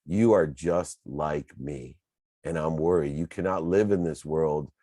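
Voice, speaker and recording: A man in his fifties voicing his worried older father, speaking softly and gently. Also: very deep voice, measured pace, no room sound, clean studio sound. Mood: gentle.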